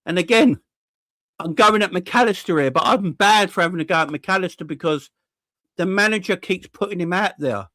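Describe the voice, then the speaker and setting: This young football fan channel host has a high-sitting, slightly bright voice and talks a little fast in a dry recording. Enraged by a defeat, he rants with swearing, repetition, and a stream of rhetorical questions.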